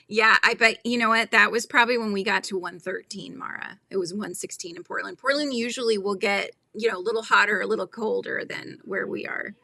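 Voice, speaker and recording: A chatty woman with a Californian accent hosts a relaxed livestream, reading comments and laughing as she goes. Her voice is bright and a little gravelly, and she often trails off mid-sentence. The sound is dry and close. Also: mid-range voice, fairly quick, no room sound. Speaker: crochet livestream host. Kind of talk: casual chat reading viewer comments.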